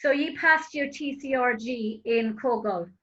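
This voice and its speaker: A woman hosting an interview, chatting casually and telling lively stories with frequent laughter. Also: a little high, a little slow, highs cut off. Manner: lively storyteller, laughs often. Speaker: host.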